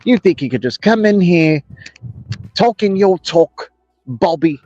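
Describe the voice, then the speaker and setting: A man's voice: sits high, expressive, unhurried, darkish tone, no room sound, faint music behind, pitched above the performer's own voice. A man doing a put-on English accent, teasing a chat member in mock outrage over a dull, lo-fi phone stream. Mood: mock scolding. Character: mock English bloke, cheeky and scolding.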